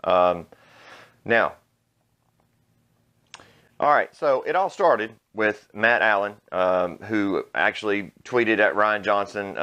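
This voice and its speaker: Man, low voice, vlog host, blunt, mocking, profane rant. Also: expressive, slow pace, long pauses, pushed and bright. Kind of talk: ranting opinion commentary.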